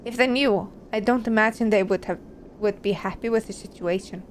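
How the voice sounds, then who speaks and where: A woman's voice: mid-range voice, fairly quick, a little hiss or hum, lightly acted. A woman voicing a worried, secretive gang doctor from a video game, read aloud in her plain everyday voice.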